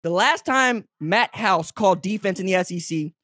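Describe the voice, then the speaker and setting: A man's voice: moderate pace, no echo, clean studio sound. Brash, teasing male sports analyst. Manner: brash, teasing, talks straight at the audience; jumps high and loud when excited. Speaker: college football analyst and show host. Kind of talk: opinionated sports commentary to camera.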